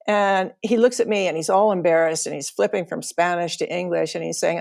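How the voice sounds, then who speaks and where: A woman's voice: on the low side, steady tone, brisk, gravelly, few pauses, darkish tone. A middle-aged woman telling a personal travel story, emotional and laughing now and then as she recalls it. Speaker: podcast storyteller.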